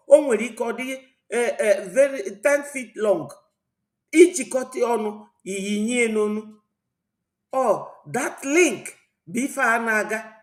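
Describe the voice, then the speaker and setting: A woman from Southeast Nigeria with an Igbo accent hosts a political commentary vlog, talking in a rambling, preachy way. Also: on the high side. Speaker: channel host. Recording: roomy echo.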